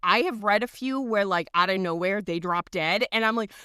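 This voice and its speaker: A woman in her thirties, a podcast co-host, telling a long story in casual chat, animated and full of fillers and swearing. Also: medium pitch, normal speed, few pauses, clean tone, no room sound, studio quality. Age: 30s.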